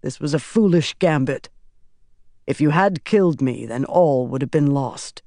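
Brief: grave calm leader, unhurried and dry, read by an audiobook narrator. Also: medium pitch, dry recording. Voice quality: quiet and steady.

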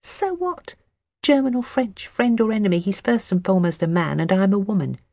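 The audiobook narrator voicing a sly, defiant young village dressmaker, read at a higher, lilting pitch. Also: expressive, normal speed, a little mellow, no room sound, studio quality.

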